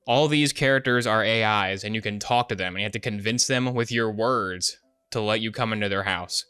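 Bright, clear-voiced joking gamer guy. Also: on the low side, fairly quick, dry recording, studio quality, faint music behind. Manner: goofy, joking. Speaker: gaming streamer. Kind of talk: casual gameplay commentary. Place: home streaming setup.

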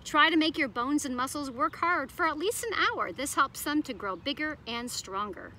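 Bright, lively woman teacher reading aloud. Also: sits high, moderate pace, a little hiss or hum. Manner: sing-song, asks children questions. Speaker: preschool teacher. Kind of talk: reading a picture book aloud to children.

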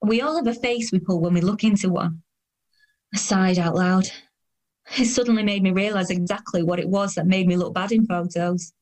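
A woman's voice: medium pitch, fairly even intonation, moderate pace, a little mellow, natural voice. A woman in her thirties narrating in the first person as a weary, self-conscious woman, with a dry, sardonic tone. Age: 30s.

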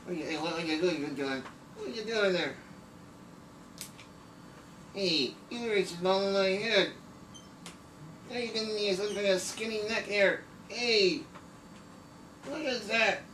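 A man's voice: high voice, a little slow, long pauses, fairly bright tone, a little hiss or hum, pitched above the performer's own voice. A man voicing a cheeky, dumb-looking male face drawn on a chalkboard, wisecracking and indignant, recorded in an echoey room from a distance.

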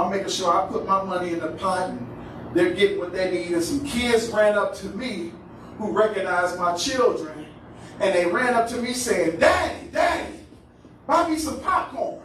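A man pastor with a Cleveland, Ohio accent preaching a call-and-response sermon, climbing into shouted, drawn-out phrases. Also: high voice. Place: church sanctuary. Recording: echoey church hall from far off, noisy.

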